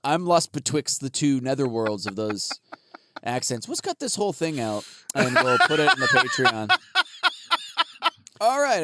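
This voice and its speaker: A man's voice: a little high, a bit bright, slight background noise. A man co-hosting a comedy podcast, goofy and joking in casual chat. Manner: goofy, joking, slips into silly voices. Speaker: podcast co-host.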